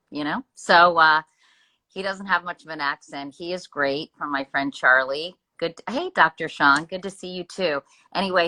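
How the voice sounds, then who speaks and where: A woman hosting a casual live-streamed interview, chatty and quick to apologize for interrupting. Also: low voice, sharp tone, rough recording. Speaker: host. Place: home room with Christmas tree.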